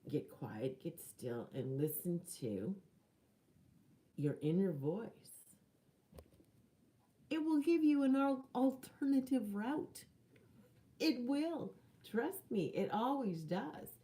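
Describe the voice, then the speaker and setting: A woman's voice: a little high, sing-song, slow, long pauses, warm tone. A woman giving a chatty, earnest motivational talk to camera, with laughs and dramatic whispered lines. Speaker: spiritual life coach.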